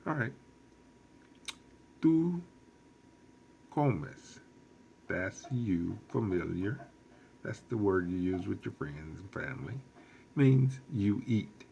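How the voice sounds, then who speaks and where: A man teaching a recorded lesson as a Spanish teacher, explaining slowly and patiently with lots of repetition. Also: low voice, gravelly, a little mellow, a little hiss or hum.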